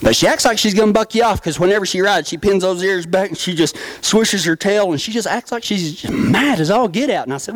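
A middle-aged man giving a humorous storytelling talk from a stage, folksy and quick to laugh. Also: sits high, no room sound. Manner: folksy, animated, laughs often. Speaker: stage speaker.

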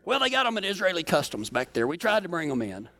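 A preacher from Colorado telling a humorous travel story in a folksy, joking way during a sermon. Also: male voice, sits high, huge pitch swings, quick pace, pushed and bright. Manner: folksy, joking, self-teasing.

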